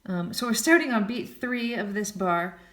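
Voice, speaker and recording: A woman's voice: mid-range voice, lively intonation, normal speed. A woman giving a casual jazz piano lesson, counting beats aloud and scatting lines, with chatty self-deprecating asides. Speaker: piano teacher. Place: room with a piano. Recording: echoey room with piano underneath.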